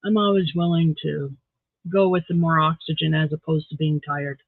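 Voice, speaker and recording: A woman's voice: low-pitched, steady tone, normal speed, no room sound. A tired woman hosting a casual livestream, chatting with viewers in a rambling, self-deprecating way. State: tired, yawning. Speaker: livestream host. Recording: tinny phone-like dry audio.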